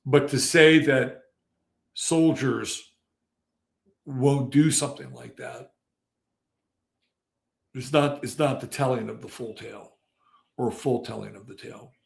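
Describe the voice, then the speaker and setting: A man's voice: mid-range voice, steady tone, slow pace, vocal fry, long pauses. A male podcast host talking in a casual, rambling way and swearing freely. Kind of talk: casual commentary.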